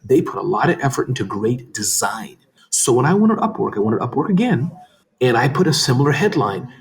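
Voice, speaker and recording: A man talking at a quick clip as an interview guest, animated and enthusiastic. His pitch sits in the middle range and his words tumble out, sometimes slurring together. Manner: fast, animated, says he talks too fast. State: tearing up, emotional. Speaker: podcast guest, business founder. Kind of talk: casual interview talk.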